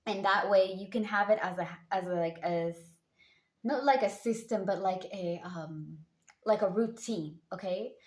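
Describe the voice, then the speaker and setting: A woman's voice: medium pitch, measured pace. A woman talking casually to her viewers as a tarot reader, rambling and chatty with lots of fillers. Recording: roomy echo.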